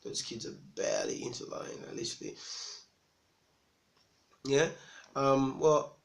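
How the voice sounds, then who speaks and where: A man from Africa doing stand-up, telling a story in an animated, chatty way and laughing at his own jokes. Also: medium pitch, measured pace, vocal fry, slight background noise. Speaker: stand-up comedian. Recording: roomy echo with faint ambience.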